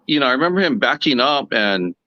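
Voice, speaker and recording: A man, a podcast guest, recalling a night out in relaxed, hesitant talk with many fillers. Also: mid-range voice, quick pace, no echo, lo-fi sound. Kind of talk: casual recollection.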